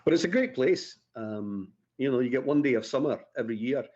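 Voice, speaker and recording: A Scottish man chats as a radio guest, easygoing and self-deprecating, pausing on fillers as he spins stories. His voice sits mid-range, and the sound is slightly dull. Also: mid-range voice, lively intonation, darkish tone, slightly rough. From Scotland. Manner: chatty, self-deprecating storyteller with many fillers. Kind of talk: radio interview.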